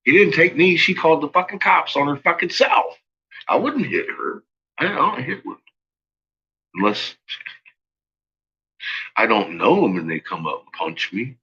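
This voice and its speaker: A man's voice: a little high, big pitch swings, measured pace, long pauses, sharp tone, highs cut off, slight background noise. A man telling a rambling personal story, swearing freely and laughing often. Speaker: vlogger.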